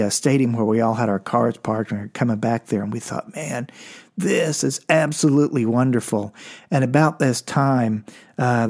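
Older man, 60s, slightly high voice, loose profane storyteller. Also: a little mellow. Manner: rambling, frequent restarts and profanity, chuckling. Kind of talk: casual personal storytelling.

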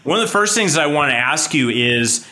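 A man hosting a business podcast with an energetic, chatty delivery and frequent laughs. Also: fairly high pitch, brisk. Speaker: podcast host.

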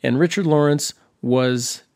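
A man's voice: medium pitch, measured pace, a little mellow, no room sound, studio quality. Wry, rambling male podcast host. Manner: wry, sarcastic, meandering with many restarts. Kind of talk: casual rambling monologue.

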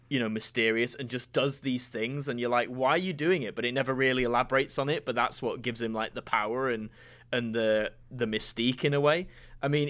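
A man hosting a podcast, chatting casually and enthusiastically with a guest, with animated, mocking asides. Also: mid-range voice. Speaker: podcast host. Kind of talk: casual fan discussion.

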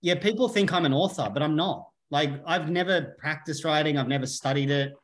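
A man's voice: on the high side, a little fast. Blunt, swearing man. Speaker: podcast guest, healer. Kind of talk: casual conversation.

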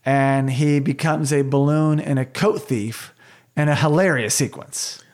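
A man's voice: mid-range voice, unhurried, darkish tone. A man co-hosting a casual movie podcast, enthusiastic, laughing easily and asking rhetorical questions. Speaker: podcast co-host.

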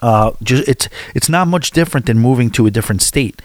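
A man's voice: medium pitch, fairly quick, dry recording. A man from the United States telling a travel story to his viewers in a casual, rambling, candid way.

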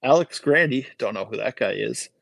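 A man's voice: medium pitch, animated, moderate pace, gravelly, fairly bright tone, no echo, rough recording. A man co-hosting a casual hockey podcast, reading out listener posts and weighing trades in detail. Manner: reads listener posts, analytical. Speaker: podcast co-host. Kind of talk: casual sports podcast chat.

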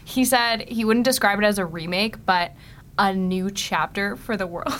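A woman's voice: medium pitch, normal speed, a bit bright, slight background noise. A woman co-hosting a podcast in casual chat, giggly and rambling with many restarts. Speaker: podcast co-host.

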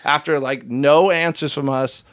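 A man in a casual podcast chat, telling a story in an animated way and acting out other people's voices. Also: a little high, measured pace, no echo, clean studio sound. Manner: swears casually, lots of fillers. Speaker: podcast guest.

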